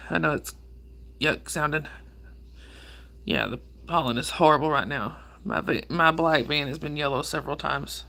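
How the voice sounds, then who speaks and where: A woman hosts a relaxed livestream, greeting her viewers by name. Her voice is hoarse from a cold, with a gravelly, creaky edge, and she sniffles now and then as she chats. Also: deep voice, moderate pace. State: hoarse with a cold and sore throat. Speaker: livestream host. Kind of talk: casual live chat with viewers.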